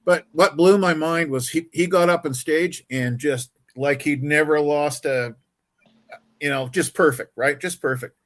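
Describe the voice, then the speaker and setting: A man's voice: fairly high pitch, unhurried, fairly bright tone. A middle-aged man from Canada on a live stream, telling concert stories with repeats and a trailing "man". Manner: storytelling, repeats words, ends lines with "man". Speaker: co-host. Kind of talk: casual chat.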